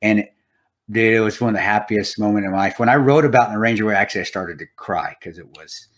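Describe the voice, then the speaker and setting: A man's voice: on the low side, fast. A man co-hosting a podcast in casual chat, rambling and swearing, with lots of restarts. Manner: rambling, profane, restarts a lot. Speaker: podcast co-host.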